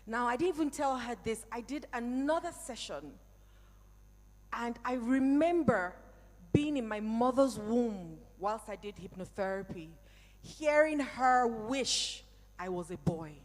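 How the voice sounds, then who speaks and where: A woman's voice: fairly high pitch, expressive, a little slow. Middle-aged woman giving a fired-up motivational talk, talks right to the crowd, big hall echo. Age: 40s or older. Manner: emphatic, personal, addresses audience directly. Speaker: speaker at a live event. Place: event hall.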